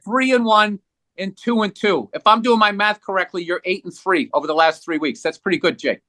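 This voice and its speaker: A man's voice: high voice, a little fast, sharp tone, no echo. A man co-hosting a casual sports podcast, ranting bluntly with heavy profanity and teasing his co-hosts. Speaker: podcast co-host.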